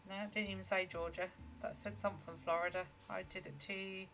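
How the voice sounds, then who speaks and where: A woman's voice: mid-range voice, flat delivery, fairly quick, a bit bright, soft background music. Woman let's-play host, chatty and joking. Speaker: gamer playing a game. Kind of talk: casual let's play commentary.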